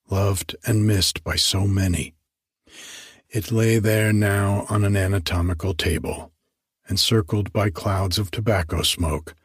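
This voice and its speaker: A man reading a story aloud in a measured, earnest narration. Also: deep voice, husky, no room sound.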